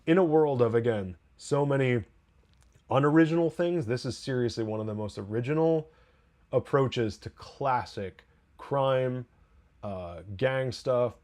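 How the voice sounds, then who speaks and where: Male podcast host, mid-pitch, chatty and excitable, rambling review voice with many restarts. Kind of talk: casual spoken review.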